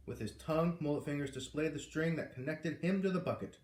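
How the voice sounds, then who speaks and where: A man reading a chapter of a novel aloud in an even, measured storytelling manner. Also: fairly high pitch. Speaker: reader. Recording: roomy echo.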